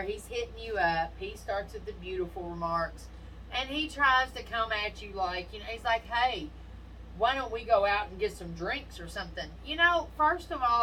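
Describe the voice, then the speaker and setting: A woman in casual chat, telling dating stories bluntly and animatedly, with lots of swearing. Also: medium pitch. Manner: blunt, profane, animated storytelling. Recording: distant mic with faint noise.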